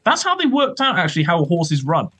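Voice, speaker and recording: A man's voice: high voice, huge pitch swings, a little fast, sharp tone, husky, no room sound, rough recording. A man chatting casually about film history as a podcast co-host, rambling with lots of fillers and hedges.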